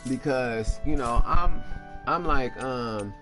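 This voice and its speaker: A man's voice: medium pitch, slow pace. A man telling a heated, profane personal story while playing a game, often asking "you know what I'm saying". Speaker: gaming channel host. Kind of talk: casual storytelling over gameplay. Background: game music.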